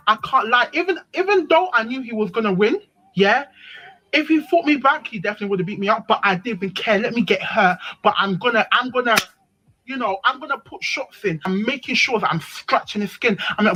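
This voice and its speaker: A woman telling a personal story on a live stream, animated and emphatic, often repeating herself. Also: medium pitch, a little fast, dull audio. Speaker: panel speaker.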